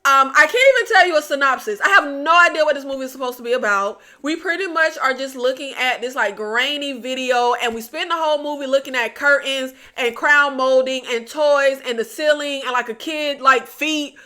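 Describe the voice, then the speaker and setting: A high-voiced woman with a bright, forceful tone gives a casual spoken film review. She sounds blunt and exasperated as she addresses her viewers directly in a chatty way. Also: brisk, few pauses. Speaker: movie reviewer.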